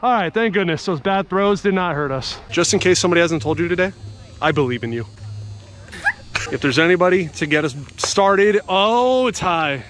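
A man vlogging his softball game outdoors, giving excitable, jokey play-by-play and cheering teammates on by nickname. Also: high voice, normal speed, slight background noise.

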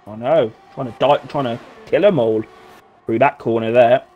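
A British man giving casual live commentary on an online racing league, chatty and teasing, jumping into excited shouts. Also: medium pitch, moderate pace, lo-fi sound, a little hiss or hum. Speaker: race commentator.

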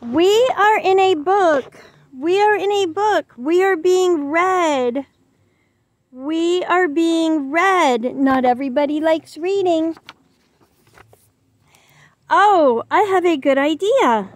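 A woman voicing silly, excitable animal friends from a storybook, in a playful, exaggerated read-aloud manner. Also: very high-pitched, slow, no room sound, voice pushed up. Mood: excited.

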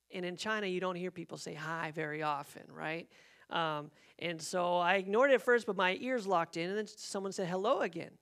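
A man preaching as a pastor, telling a personal story in an animated way and acting out the quotes. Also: high voice, creaky. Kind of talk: sermon storytelling. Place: church sanctuary.

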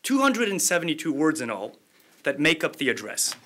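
A man's voice: on the high side, very animated, brisk, sharp tone. A man with a slight accent hosting a formal lecture event, reading a famous speech aloud with oratorical emphasis. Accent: slight non-native accent, from Montreal area. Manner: oratorical, rising emphasis on key phrases. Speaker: event host, think tank director. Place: lecture hall.

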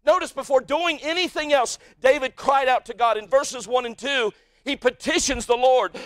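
An American man preaches from the pulpit in a strikingly high-pitched voice. His delivery swings between soft, low asides and sudden shouted peaks. The sound is dry and close, with almost no room echo. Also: moderate pace. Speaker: pastor. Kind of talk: sermon. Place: church sanctuary.

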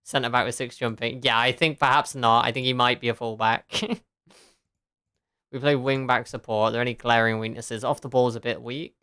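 Streamer woman, casual chatter, swears, laughs a lot, smooth clean voice, dry close sound. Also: extremely low pitch, fairly even intonation, normal speed, a bit bright, no echo. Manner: chatty, laughs often, swears, answers chat. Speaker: game streamer. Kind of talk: casual live-stream chat.

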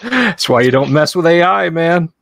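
A man's voice: a little high, animated, normal speed, gravelly, fairly bright tone, no echo. A man playing a tabletop game who makes joking asides between turns. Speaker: player. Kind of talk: casual tabletop game chat.

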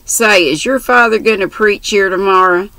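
A woman's voice: mid-range voice, moderate pace, bright, forceful tone, no echo, pitched above the performer's own voice, low-quality recording. A woman voicing a brash, chatty country orphan girl who talks in bossy, boastful slang.

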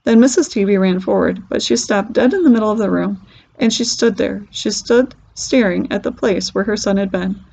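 Woman reading a kids' novel aloud, husky and gravelly, somewhat high, dull lo-fi recording. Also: normal speed, dark tone. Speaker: reader.

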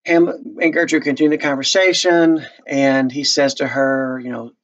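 A man's voice: mid-range voice, steady tone, moderate pace, few pauses, fairly bright tone, dull audio. A man casually explaining a play to his class, chatty and loose, breaking into short dramatic readings of the lines. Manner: chatty, slips into character voices.

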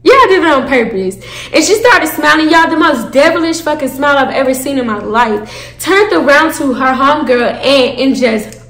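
A young woman telling a storytime to her viewers, animated and profane, calling them y'all. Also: sits high, normal speed, echoey room. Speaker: storytime vlogger. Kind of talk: casual storytime.

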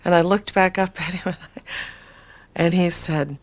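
A woman in an archival interview, earnestly recounting an experience in an animated way. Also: fairly low pitch, unhurried.

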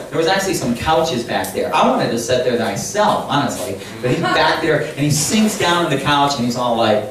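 An older man giving a storytelling sermon as a camp chapel speaker, animated and laughing as he acts out quoted lines. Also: medium pitch, moderate pace, hardly any pauses. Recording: echoey hall, distant mic, noisy.

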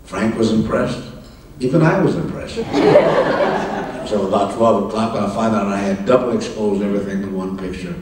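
An older man spins an anecdote in a low voice, stopping for a chuckle and an "uh" now and then. He sounds far from the microphone, and the big room rings around him. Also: background noise. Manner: anecdotal, chuckling, halting with fillers. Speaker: interview guest. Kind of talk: live stage conversation, storytelling. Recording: roomy, distant mic in a hall.

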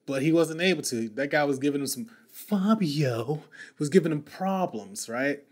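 Male podcast host, a touch high-pitched, in casual story mode with lots of restarts. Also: moderate pace. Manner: animated, slangy, repeats and restarts words.

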